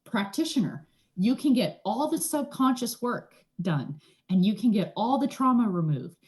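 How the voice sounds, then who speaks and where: A woman's voice: a little high, normal speed. Chatty woman explaining with "right?". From Canada. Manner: chatty, often tags "right?", animated asides. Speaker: energy healer, guest. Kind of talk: casual explanatory interview talk.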